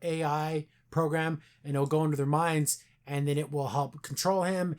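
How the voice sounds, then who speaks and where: A man hosting a podcast, chatting casually as he reviews a show and retells scenes in quick put-on voices. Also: a little high, steady tone, darkish tone. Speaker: podcast host.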